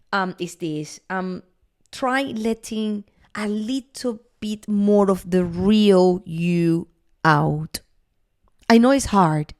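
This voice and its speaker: A woman guest on a podcast interview, talking in an earnest, encouraging way, often pausing with "um" as she thinks. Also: fairly low pitch, a little mellow. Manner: earnest and encouraging, with frequent "um" pauses.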